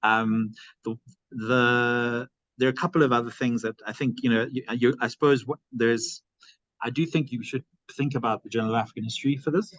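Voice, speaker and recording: A man chairs an academic seminar and offers his comments haltingly, stacking fillers and restarting his phrases. The sound is very dry and close, with a dull, lo-fi tone. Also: mid-range voice, fairly even intonation, fairly bright tone, no room sound. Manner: hesitant, many fillers and restarts.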